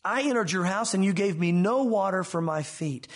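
A man preaching with a high voice for a man, earnest and emphatic. He is middle-aged and pushes harder on the lines he quotes from the text. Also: lively intonation, moderate pace. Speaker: pastor. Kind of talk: sermon.

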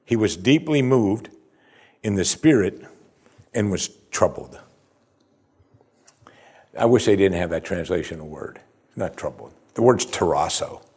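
Husky low-voiced man preaching a sermon. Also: lively intonation, unhurried, long pauses, a little mellow. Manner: expository, conversational preaching with emphatic rises. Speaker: pastor.

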